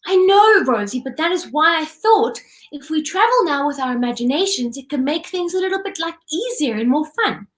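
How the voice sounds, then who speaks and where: A young woman hosting a children's show, cheerful and coaxing, with a high voice that swings lively up and down. She sounds like she is in a roomy space with a clear echo. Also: moderate pace. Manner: patient, upbeat coaxing with restarts.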